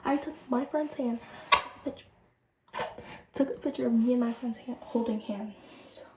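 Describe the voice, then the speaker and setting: A woman's voice: a little high, normal speed, very noisy. Chatty teen girl in a roomy bathroom. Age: late teens. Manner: chatty, animated, addresses viewers directly. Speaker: vlogger. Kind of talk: casual storytime chat. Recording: roomy and distant from the mic.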